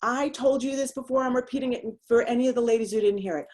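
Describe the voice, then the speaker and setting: A woman's voice: high voice, normal speed, a little mellow. A woman coach gives a motivational talk aimed at women. She speaks emphatically and directly, dropping in casual slang as she presses her point. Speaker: women's life coach, host.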